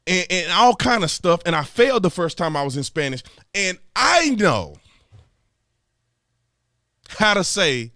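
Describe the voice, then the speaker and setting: A man's voice: high-pitched, normal speed, long pauses, no echo, clean studio sound. A man from Texas, hosting an exasperated political commentary rant and repeating his points. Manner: animated, exasperated, repeats himself. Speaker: commentary host.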